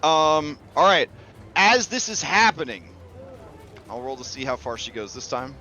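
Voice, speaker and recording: Chatty, bright-voiced game master. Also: male voice, on the high side, unhurried, highs cut off, slight background noise. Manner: loose and chatty, with many fillers and curses. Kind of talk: narrating a tabletop game.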